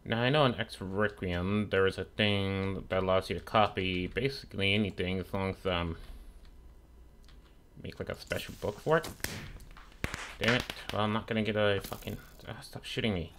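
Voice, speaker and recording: A young man with a fairly low voice gives casual gameplay commentary. He swears freely and trash-talks the mobs that keep shooting him. A keyboard clacks softly in the background. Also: steady tone, normal speed, slight background noise. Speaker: gaming streamer.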